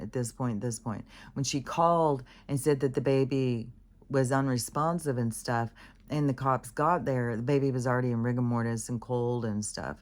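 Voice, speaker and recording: A woman vlogger telling a story in a rambling casual monologue, with many fillers, restarts and blunt swearing. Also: extremely low pitch. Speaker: spiritual vlogger.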